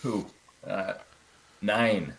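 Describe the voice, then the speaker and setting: Relaxed male tabletop player. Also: lowish voice, very slow, gravelly, very noisy. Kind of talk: casual tabletop game play.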